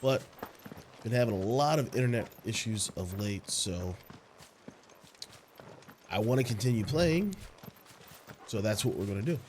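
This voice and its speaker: A congested man with a nasal voice, chatting excitedly and stumbling over words while hosting a let's play of a video game. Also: on the low side, unhurried, long pauses, a little hiss or hum. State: congested, recovering from illness. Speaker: gaming channel host.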